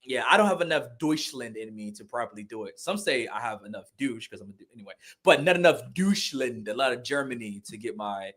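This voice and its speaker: An excitable man co-hosting a wrestling podcast, his voice sitting at an ordinary middle pitch. He jokes and rambles in slang, restarting his sentences and jumping up in volume when something excites him. His delivery stays loose and conversational throughout. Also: fairly quick, few pauses. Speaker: podcast co-host. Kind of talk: casual wrestling podcast chat.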